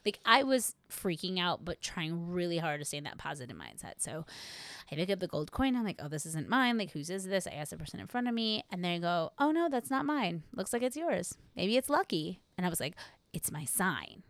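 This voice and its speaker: A woman co-hosts a podcast and tells a casual, lively story with a slightly low voice. She swears freely and acts out her own past thoughts. Her voice sounds dry and close, with little room sound. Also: a little fast, dry recording. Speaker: podcast co-host.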